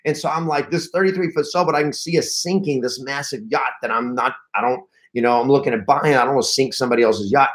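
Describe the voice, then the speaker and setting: A man giving a lively live-streamed coaching talk to real estate agents, telling stories and acting out panicked reactions. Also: mid-range voice, quick pace, few pauses. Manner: energetic, storytelling, acts out panicked reactions; restarts and repeats words often.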